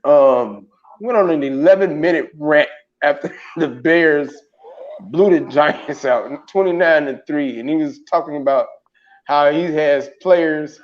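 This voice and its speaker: A man with a somewhat high voice talks sports in a loose, rambling way, breaking into laughs and restarting his sentences. The sound is muffled and lo-fi, like a home stream. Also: unhurried. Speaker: morning show co-host. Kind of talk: casual sports talk.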